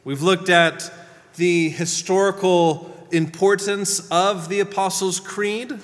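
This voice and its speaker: Male pastor, thirties, slightly high voice, earnest sermon delivery, long hall echo. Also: steady tone, slow, a bit bright.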